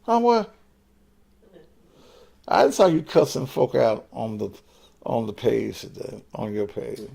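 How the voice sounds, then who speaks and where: A man's voice: medium pitch, sing-song, slow pace, creaky, mellow, breathy edge. An older man hosting an online show, cursing and taunting commenters in a combative rant. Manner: crude, combative, cursing, mocking. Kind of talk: profane live-stream rant.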